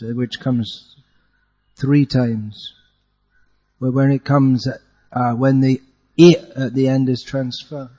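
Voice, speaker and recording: A man with a dark, mid-range voice teaches a class to chant Sanskrit verse, patiently correcting pronunciation and chanting lines slowly as examples. The recording has a big-room sound.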